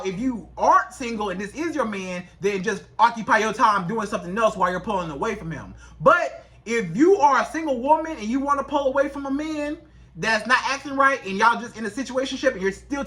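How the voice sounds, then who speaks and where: High bright-voiced woman relationship coach. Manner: animated, acts out little quoted exchanges. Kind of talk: direct advice talk to women.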